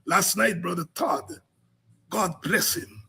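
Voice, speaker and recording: A man hosting a political podcast, delivering impassioned commentary with rhythmic repetition that builds to shouts. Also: high voice, takes it slowly, gravelly, breathy edge.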